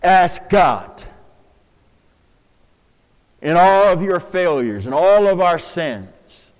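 A high-pitched older man delivers a sermon to his church. His voice swings widely between near-whispered pleas and loud, ringing calls, with long reverb from the sanctuary around him. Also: very animated, very slow, pauses often. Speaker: pastor.

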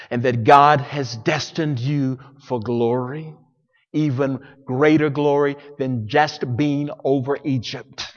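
A male pastor preaching a sermon, dramatic, swinging between loud declarations and hushed passages. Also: mid-range voice, in a large hall, muffled recording.

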